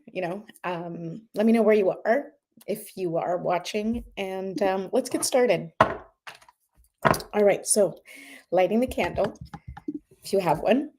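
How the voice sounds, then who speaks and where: A woman's voice: mid-range voice, measured pace, background noise. A woman hosting a live oracle card show, talking earnestly and tearfully in a casual, rambling way, then leading a breathing exercise. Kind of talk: casual livestream talk and guided breathing.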